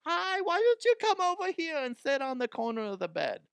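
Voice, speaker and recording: Man playing a cooing older mother, high falsetto, sing-song, creepy and doting, comedy bit. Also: very animated, brisk, creaky, a bit bright, no room sound, full character voice.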